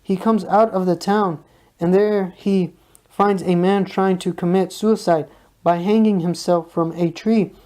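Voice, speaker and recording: Mellow-toned voice reading spiritual teachings, calm and measured. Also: medium pitch. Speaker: reader of a spiritual discourse. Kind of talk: read spiritual talk.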